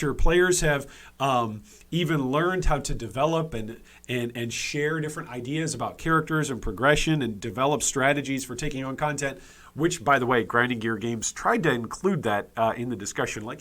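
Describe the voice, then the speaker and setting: A man's voice: medium pitch, normal speed, fairly bright tone. A man hosting a gaming commentary video, speaking emphatically and repeating key points for stress, with frequent restarts and fillers.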